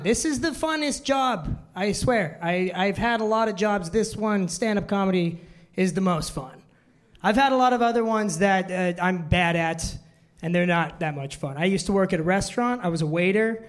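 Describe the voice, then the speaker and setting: A man's voice: sits high, normal speed. A man in his twenties doing a self-deprecating stand-up routine on a club stage, telling awkward stories to a laughing audience. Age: 20s. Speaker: stand-up comedian.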